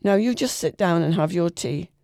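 A woman's voice: fairly low pitch, animated, moderate pace, gravelly, dark tone, no room sound. Woman voicing a weary middle-aged daughter, humouring, coaxing, dry close sound.

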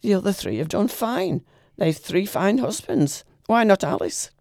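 A woman's voice: mid-range voice, big pitch swings, unhurried, vocal fry, a little mellow, dry recording, studio quality. A woman voicing a tired middle-aged daughter who humours her old father with cool patience. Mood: coaxing. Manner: humouring, coaxing.

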